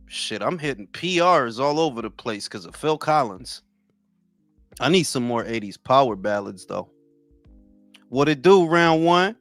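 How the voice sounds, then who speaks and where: A man's voice: medium pitch, lively intonation, unhurried, fairly bright tone, no room sound, soft background music. A man in his forties hosting a boxing talk livestream, chatting casually with viewers in loose, profane, joking banter. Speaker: boxing talk show host.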